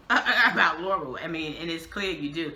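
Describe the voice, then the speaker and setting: A New woman co-hosts a casual TV review, slangy and animated, her voice very bright and a little low for a woman. She is recorded in an echoey room with a faint hiss behind her. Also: normal speed. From New York. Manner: slangy, animated, laughs often. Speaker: co-host.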